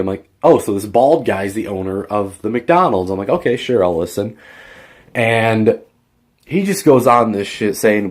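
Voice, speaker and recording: A man's voice: on the low side, expressive, normal speed, darkish tone. A teenage boy vlogging, telling a rambling, worked-up story about quitting his job. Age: teens. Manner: rambling, fired-up retelling of a workplace feud. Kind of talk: casual storytelling vlog.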